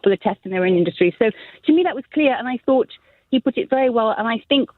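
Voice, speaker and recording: A woman caller heard over a tinny phone line, talking quickly in a chatty, giggly way. She sometimes stops to search for a word, and the line sounds dry. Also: fairly high pitch, lively intonation, no room sound. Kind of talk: radio phone-in call. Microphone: telephone.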